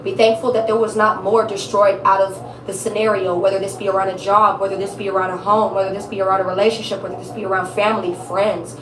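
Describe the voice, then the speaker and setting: A woman's voice: medium pitch, little pitch movement, quick pace, few pauses, roomy sound, recorded from a distance, crowd noise, poor audio. A woman giving a casual tarot reading, blunt, emphatic and profane, repeating her points for stress. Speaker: tarot reader.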